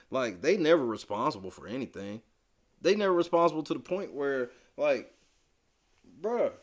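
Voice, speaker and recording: In a laid-back podcast conversation, the male co-host gives his frank, curse-heavy, slang-laden opinions on reality TV. His delivery shifts between a low mutter and booming, emphatic rants.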